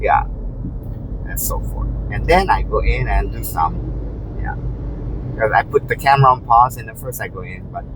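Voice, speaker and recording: Lively rambling man in a car. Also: fairly low pitch, normal speed, pauses often. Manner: rambling, full of "you know" and restarts; acts out quotes in a raised voice. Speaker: rideshare driver. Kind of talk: casual storytelling while driving. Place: inside a moving car. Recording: faint car road noise.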